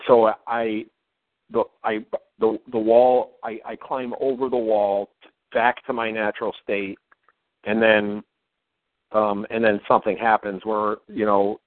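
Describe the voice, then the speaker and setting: A man in a coaching session, talking through his feelings in halting, stammering speech as he searches for words. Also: fairly low pitch, little pitch movement, no echo. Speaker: client. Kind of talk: reflective self-exploration talk. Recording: dry phone-like line.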